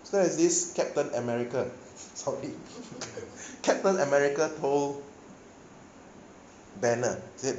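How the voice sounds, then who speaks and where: A man's voice: fairly high pitch, a little slow, pauses often, a little mellow, dull audio, slight background noise. A male pastor giving a sermon, telling a story with animation and often checking in with his listeners. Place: church hall. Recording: echoey hall, faint ambience.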